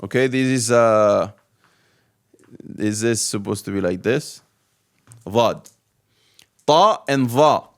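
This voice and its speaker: A man's voice: mid-range voice, takes it slowly, long pauses. A man teaching the alphabet step by step, patiently repeating each letter sound. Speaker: Arabic teacher. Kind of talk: slow step-by-step lesson.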